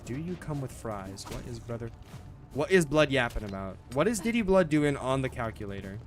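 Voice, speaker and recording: A man's voice: medium pitch, very animated, normal speed, faint music behind. A young man streaming a game, rambling casually with lots of swearing, restarts and "bro". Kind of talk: casual gameplay commentary.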